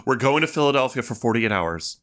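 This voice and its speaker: A man's voice: mid-range voice, lively intonation, brisk, a bit bright, lightly acted. A man voicing a fussy, anxious man who frets about overpacking for a trip.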